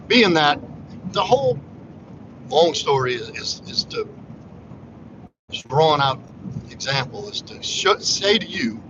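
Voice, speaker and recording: A man's voice: fairly high pitch, very animated, takes it slowly, long pauses. A man hosting a casual livestream monologue, talking in a blunt, profane, preachy way. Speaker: livestream host. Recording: muffled lo-fi audio with background noise.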